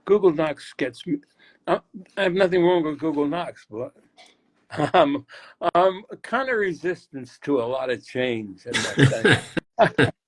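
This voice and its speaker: An older man, a guest poet, chatting casually about poetry in a rambling, halting way as he searches aloud. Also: on the high side, lively intonation. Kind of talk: casual chat explaining poetry.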